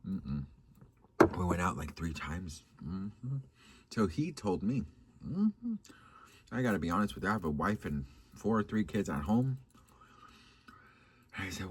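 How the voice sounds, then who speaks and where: A man telling dating stories to his viewers in a casual, sassy, dramatic way, swearing and changing his pitch often. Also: sing-song, a little slow, pauses often, husky. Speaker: vlogger. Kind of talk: casual storytime chat.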